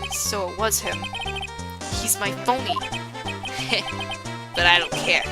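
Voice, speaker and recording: A woman voicing a gruff, bullying loan-shark gangster man who talks in tough-guy slang, over loud game music. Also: medium pitch, slow, voice pushed down, lightly acted. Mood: menacing.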